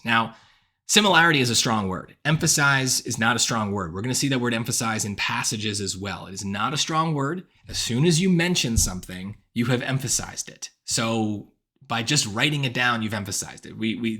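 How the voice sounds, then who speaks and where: A man tutoring for the SAT, walking through each answer choice out loud and often asking "right?" as he reasons. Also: mid-range voice, husky. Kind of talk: test-prep walkthrough.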